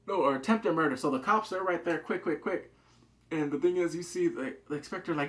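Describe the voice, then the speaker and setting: A man giving a casual, excitable recap of a TV drama, acting out the characters' lines in quick asides. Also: fairly high pitch. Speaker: TV drama reviewer.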